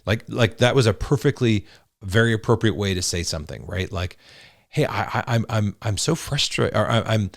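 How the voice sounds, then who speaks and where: A man's voice: lowish voice, expressive, normal speed, creaky, no echo, clean studio sound. A man co-hosting a marriage podcast, explaining in an earnest casual way, often restarting his sentences. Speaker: podcast co-host, husband. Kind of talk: casual chat.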